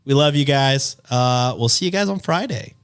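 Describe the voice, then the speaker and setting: A man's voice: mid-range voice, lively intonation, moderate pace, clean tone. A man co-hosting a podcast, joking around and apologizing with a self-deprecating laugh. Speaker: podcast co-host. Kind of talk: casual podcast chat.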